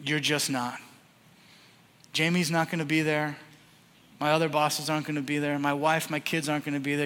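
A man in his thirties preaching a sermon, earnest and animated, swinging from loud to hushed. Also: on the high side. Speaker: pastor. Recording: echoing hall reverb.

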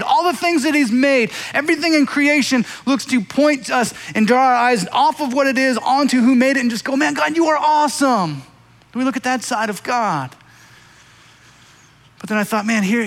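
A man preaching a sermon as a pastor, telling scripture stories with animated voices for the figures. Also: sits high. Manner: animated storytelling, acting out biblical figures. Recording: echoey hall with long reverb.

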